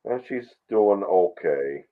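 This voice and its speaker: Deep, slow-talking man on a tinny call. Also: animated. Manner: short agreeing replies, laid-back. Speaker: guest on the stream. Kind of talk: casual chat. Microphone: video call.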